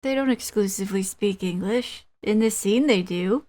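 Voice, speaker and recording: A woman's voice: mid-range voice, normal speed, mellow. A woman guesting on a casual podcast chat, making wry quips and laughing often.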